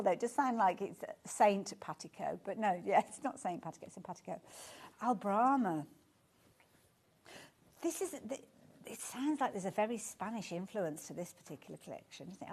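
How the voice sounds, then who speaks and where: A woman's voice: medium pitch, a little mellow. Gushing woman presenting on air. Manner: chatty and gushing, reacting to viewer comments. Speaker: shopping show presenter. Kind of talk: live shopping channel presenting.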